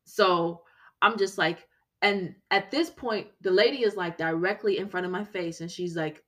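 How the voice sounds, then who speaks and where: A woman's voice: on the low side, moderate pace, fairly bright tone. A woman hosting a podcast, telling a personal story in an earnest, emphatic way and repeating key phrases for weight. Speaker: podcast host.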